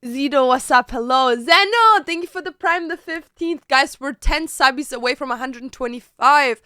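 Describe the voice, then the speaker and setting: Bright, crisp-voiced chatty woman streamer. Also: high-pitched, no room sound, clean studio sound. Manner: chatty, slangy and expressive, with frequent "like". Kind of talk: casual chat to stream viewers. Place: home bedroom.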